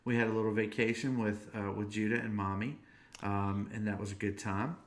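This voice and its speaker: A man's voice: on the low side, fairly even intonation. A man in his thirties hosting a podcast, chatting casually in a playful, joking way and stretching out his stories. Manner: playful and joking, drawn-out storytelling. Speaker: podcast host. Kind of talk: casual chat.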